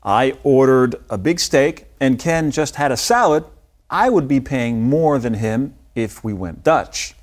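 Man, mid-pitched, English lesson co-host, clear patient explanation. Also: animated, measured pace. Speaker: English teacher. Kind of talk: scripted language lesson dialogue.

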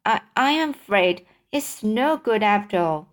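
A woman's voice: mid-range voice, animated, measured pace, natural voice. A woman voicing a hesitant, apologetic young boy in a storybook read-aloud.

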